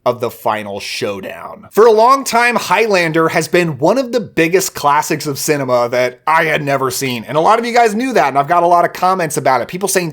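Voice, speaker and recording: A young man hosting a film review channel, talking casually and enthusiastically about movies he recommends, gushing in quick bursts. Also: a little high, big pitch swings, fairly bright tone.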